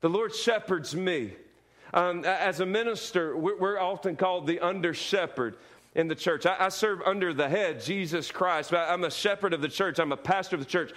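A man's voice: high-pitched, moderate pace, fairly bright tone. A male pastor preaching a sermon, repeating key lines with emphasis and calling for the congregation to answer aloud. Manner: repetitive emphatic preaching with call-and-response.

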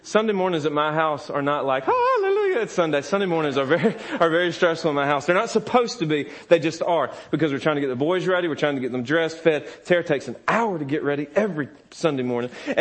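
A man preaching a sermon with a fairly high voice, candid and self-deprecating. He laughs often through his stories and drops into his small sons' whiny voices. He sounds like a pastor in his thirties.

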